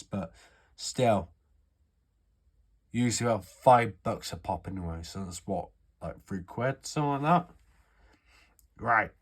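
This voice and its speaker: A man from the UK giving a rambling, sweary, offhand how-to walkthrough of a gun repair. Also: lowish voice. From United Kingdom. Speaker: airsoft hobbyist showing a repair. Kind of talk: casual how-to chat.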